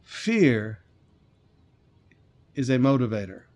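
A man's voice: mid-range voice, big pitch swings, takes it slowly, a little mellow. A man preaching a sermon, reading scripture and then commenting emphatically, repeating key points. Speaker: pastor.

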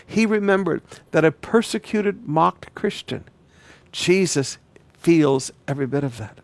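A male pastor preaching a sermon, repeating words and swinging between loud declaring and quiet, pressing emphasis. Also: fairly high pitch, expressive, measured pace, creaky.

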